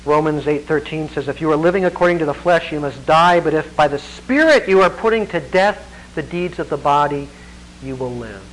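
A pastor preaches emphatically to a church congregation, swinging widely in pitch and loudness, adding conversational asides and chuckles, then leading a prayer. He talks a little fast, and the rough recording has some hiss or hum.

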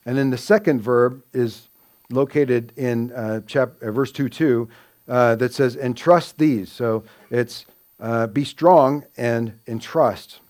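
A man's voice: medium pitch, fairly even intonation, slow pace, a little mellow. A man preaching an expository sermon, teaching earnestly and lifting his voice to stress quoted scripture. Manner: earnest teaching with frequent fillers and restarts, rising emphasis on quoted scripture.

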